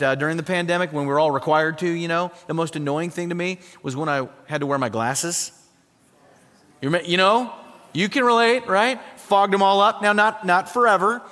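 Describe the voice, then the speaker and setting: Male pastor from South Dakota, high voice, emphatic preaching that drops to a hush, long hall reverb. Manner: emphatic, swings from loud to hushed. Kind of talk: sermon.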